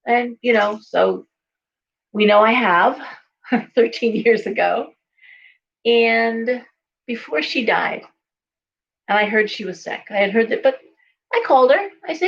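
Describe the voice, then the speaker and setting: A woman's voice: a little high, measured pace, gravelly, long pauses, highs cut off. A woman in her forties talking casually, a chatty storyteller who acts out the voices she quotes. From California. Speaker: psychic shop owner and host. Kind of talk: casual talk to camera.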